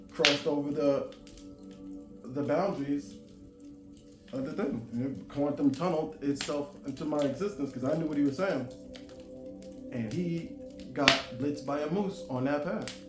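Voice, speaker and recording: A man in his forties telling a long personal story to camera, animated, drawing words out and bursting into loud high stretches. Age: 40s. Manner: animated, drawn-out emphatic delivery with sudden loud high bursts. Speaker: vlogger. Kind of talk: casual storytelling monologue. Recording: roomy echo with faint music.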